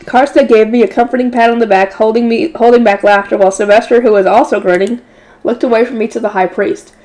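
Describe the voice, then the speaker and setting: A woman's voice: fairly high pitch, steady tone, a little fast, darkish tone. A woman reading a light novel aloud in a casual way, correcting slips and adding offhand asides. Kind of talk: casual read-aloud narration.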